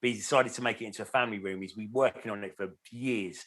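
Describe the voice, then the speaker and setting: A man's voice: on the low side, fast, a bit bright. A man telling stories in a casual podcast chat, full of fillers, restarts and swearing. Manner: rambling storyteller with lots of fillers and swearing. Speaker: podcast co-host.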